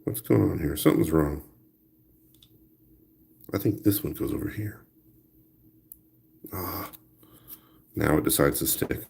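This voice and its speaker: A man's voice: a bass voice, slow, gravelly, long pauses, a little mellow, breathy edge. A man hosting a crafting video, chatting playfully and talking to himself while he works, humming little tunes now and then. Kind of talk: casual talk while crafting.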